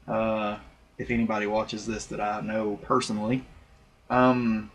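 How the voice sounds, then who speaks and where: A young man films himself on his laptop webcam, its built-in mic giving a lo-fi sound. His husky voice is fairly low and flat, moving at a measured pace as he rambles through a personal story, candid and full of fillers and restarts.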